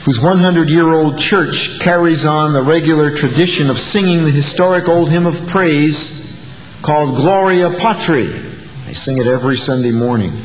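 A man's voice: on the high side, normal speed. A man preaching a sermon to his congregation, telling stories with a wry, folksy touch. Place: church sanctuary. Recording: long hall reverb.

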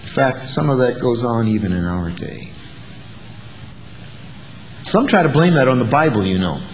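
A man's voice: mid-range voice, big pitch swings, normal speed, a little hiss or hum. A man preaching a sermon to his congregation, telling stories with a wry, folksy touch. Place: church sanctuary. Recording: long hall reverb.

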